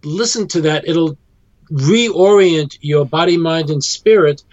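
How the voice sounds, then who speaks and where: A man with a fairly high voice explains his ideas calmly as an interview guest. His audio is dry and slightly muffled. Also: slow, no room sound. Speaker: musician guest. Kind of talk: interview conversation.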